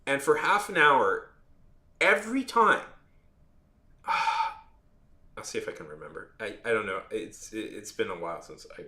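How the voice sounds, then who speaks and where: A man rants his way through a story, rambling, restarting sentences and swearing freely. His voice sits higher and sounds bright, jumping all over in pitch. The room gives a roomy echo. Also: big pitch swings, measured pace, pauses often. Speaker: videographer and editor. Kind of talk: casual storytelling rant.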